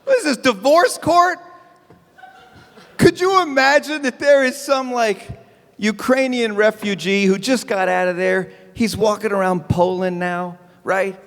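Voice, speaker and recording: A man doing a chatty, self-mocking stand-up comedy set at an evening event. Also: high voice. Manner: animated, chatty, self-mocking, acts out bits. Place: event hall with live audience. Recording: long hall reverb.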